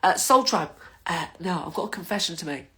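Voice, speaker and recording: A woman's voice: lowish voice, expressive, fairly quick, fairly bright tone. An older woman, chatting casually to her viewers in a rambling, waffling monologue as the host of her own vlog.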